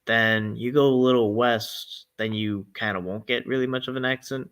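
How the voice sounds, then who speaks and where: A man's voice: mid-range voice, steady tone, normal speed, fairly bright tone, clean tone. A young man from Massachusetts co-hosting a podcast in casual chat, rambling through tangents and laughing often.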